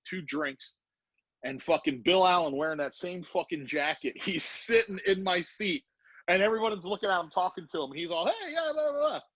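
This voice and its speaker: A middle-aged man tells a long, swear-laden anecdote in a fairly high, lively voice. He slips into voices for the people in his story. The recording is dry and dull, like lo-fi podcast audio. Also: no room sound. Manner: profane, animated, acts out voices in anecdotes. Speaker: podcast guest, former BMX rider. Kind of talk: casual storytelling.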